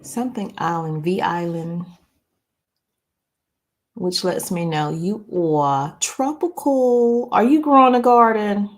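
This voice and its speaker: A woman from North Carolina hosts a casual livestream, rambling and reading viewer comments aloud in a mid-range, animated voice. She takes it slowly, struggles to read, and fills her chatter with "um"s and restarts.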